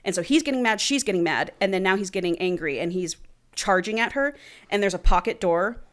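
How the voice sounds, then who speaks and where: A woman's voice: medium pitch, animated, fairly quick. A woman co-hosting a podcast, casually retelling a book's plot with lots of swearing and "he's like.". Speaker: podcast co-host. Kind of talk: casual book-club chat, retelling a plot.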